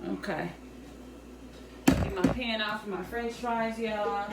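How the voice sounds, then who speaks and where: A young woman talks easy and casual to her viewers as she cooks, calling them y'all and keeping her kid in line between steps. Her voice bounces around a hard, echoey kitchen. There is a clear steady noise behind her. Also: medium pitch, slow. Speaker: vlogger cooking with her daughter. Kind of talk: casual home cooking vlog chat. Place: home kitchen.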